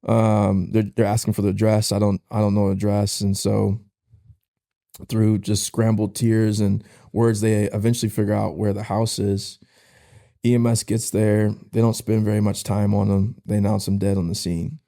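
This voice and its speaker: A young man, a podcast guest, casually telling a personal story in an emotional, halting way with slang. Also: on the low side, level tone, vocal fry, dark tone. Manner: casual, uses slang like "bro".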